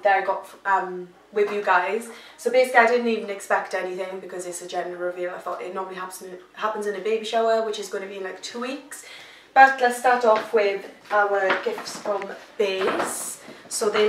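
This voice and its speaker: A pregnant woman vlogging from home in a casual, gushing, excitable chat full of fillers. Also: mid-range voice, slight background noise. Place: at home, indoors. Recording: echoey room, mic at a distance.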